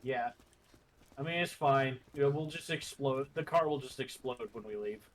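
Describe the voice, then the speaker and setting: A man's voice: mid-range voice, moderate pace, a little hiss or hum. A man on a gaming stream, laid-back and joking, swearing as he guides his co-player. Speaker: VTuber co-player. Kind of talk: casual game-stream banter.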